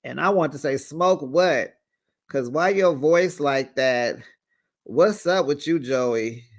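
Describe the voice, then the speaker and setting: A reality TV recap host giving sassy, teasing, animated commentary in a casual chat style and calling viewers honey. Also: mid-range voice, slow.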